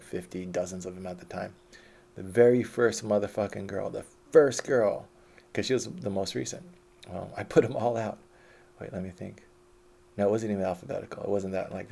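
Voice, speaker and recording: Brief: man, low flat gravelly voice, loose profane autobiographical rambling. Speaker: storyteller recounting his life. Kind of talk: casual autobiographical monologue.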